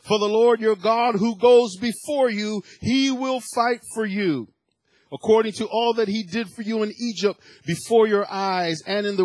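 High-voiced husky preacher man. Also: no echo. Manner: preaching with rising emphatic bursts and repetitions. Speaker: pastor. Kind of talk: sermon. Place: church.

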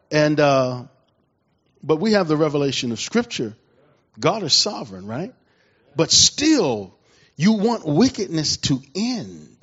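A middle-aged man preaching a sermon in a lively, conversational way, acting out the quoted voices of the people in his stories. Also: high voice, highs cut off. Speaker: pastor.

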